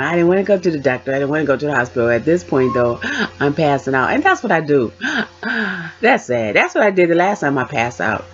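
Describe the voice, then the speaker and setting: A woman's voice: sits low, big pitch swings, fairly quick. A woman vlogger telling her own story casually, acting out the voices of the people in it. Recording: dull lo-fi sound.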